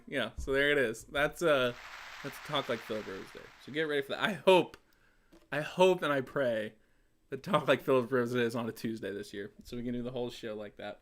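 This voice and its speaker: A man's voice: mid-range voice, expressive, a little fast, fairly bright tone. A man hosting a casual web show, rambling with sarcastic jokes and frequent laughter. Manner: joking, sarcastic asides, laughs often. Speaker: host of a songwriting web show.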